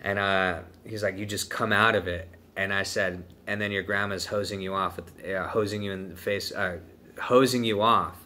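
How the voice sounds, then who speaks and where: A man's voice: on the low side, fairly even intonation, moderate pace, sharp tone. A young man from the United States telling a long story in a casual, profane, laid-back way, full of "dude" and "man". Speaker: vlogger telling a trip story.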